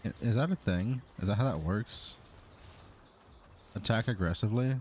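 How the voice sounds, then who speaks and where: A man's voice: on the low side, normal speed, darkish tone, a little hiss or hum. A man narrating his own gameplay as a gaming YouTuber, exasperated, talking to his creature companion. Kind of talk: Let's Play commentary.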